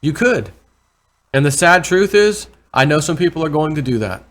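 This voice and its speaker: A man vlogging casual commentary over price charts, rambling and correcting himself, with excited bursts over numbers. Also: fairly high pitch, normal speed. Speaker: crypto vlogger.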